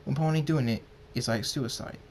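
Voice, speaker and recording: A man's voice: medium pitch, normal speed, a little mellow, a little hiss or hum, lightly acted. A man doing a rambling, fretful pony doctor. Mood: worried. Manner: rambling, stumbling over words. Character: nervous male pony doctor, blunt and chatty.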